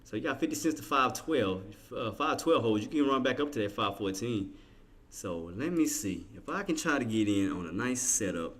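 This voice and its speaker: A man with a bright, forceful voice walks through his trades live. He talks casually and in slang, thinks out loud and calls out to viewers in the chat. His pitch sits in a middle range. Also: lively intonation, normal speed. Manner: thinks aloud and chats with viewers. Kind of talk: live trading commentary.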